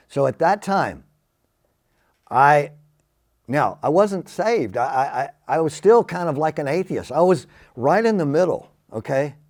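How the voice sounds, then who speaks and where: An older man from Texas, telling his personal faith testimony in an animated way and acting out the quoted speech. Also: a little high, unhurried. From Texas, USA. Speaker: Christian testimony speaker.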